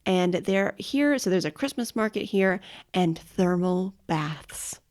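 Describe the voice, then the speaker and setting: A woman's voice: lowish voice, lively intonation, slow pace, a little mellow. A woman co-hosting a casual travel podcast, enthusiastic and informative, often correcting herself. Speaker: podcast co-host. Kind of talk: casual chat.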